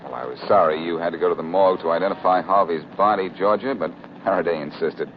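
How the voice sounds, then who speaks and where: An actor playing a wry, wisecracking detective who is cool and charming, in 1940s radio acting. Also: male voice, sits low, fast talker, a little hiss or hum, lightly acted. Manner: wry, smooth, quipping. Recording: lo-fi old radio recording.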